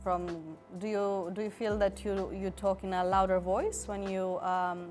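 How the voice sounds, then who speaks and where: A woman's voice: medium pitch, level tone, a little slow, darkish tone, faint music behind. A woman hosting a radio chat show, asking rambling, filler-laden questions. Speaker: radio host.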